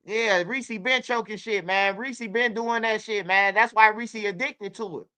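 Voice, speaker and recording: A Chicago woman hosts her own channel, spinning stories in loose, profane, repetitive livestream chatter. Her voice sits at a medium pitch and flows smoothly at a measured pace, her storytelling animated throughout.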